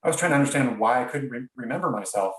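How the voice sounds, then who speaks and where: A man's voice: medium pitch, lively intonation, very fast. A man, a podcast guest, tells a personal story in an earnest, reflective way, often stopping and restarting his sentences. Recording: roomy sound, distant from mic.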